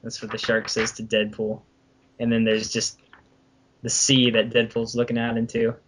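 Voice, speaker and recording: A young man chatting on a podcast, retelling a story in a loose, rambling way. His voice sits at an ordinary middle pitch, and he stops and restarts often with fillers as he goes. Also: monotone, moderate pace, a bit bright. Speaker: podcast co-host. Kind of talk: casual chat, retelling a comic.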